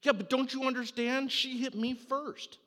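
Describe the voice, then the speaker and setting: A man's voice: very high-pitched, very animated, measured pace, bright, forceful tone, breathy edge, in a large hall, pitched above the performer's own voice, exaggerated voice. A man voicing a whiny, defensive young boy who insists he was wronged. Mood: whiny, indignant. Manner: indignant, complaining.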